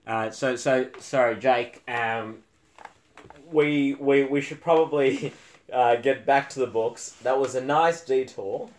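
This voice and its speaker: A man's voice: mid-range voice, takes it slowly, darkish tone. A man co-hosting a casual book podcast, talking with frequent fillers and restarts and a dry, sarcastic edge. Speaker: podcast co-host.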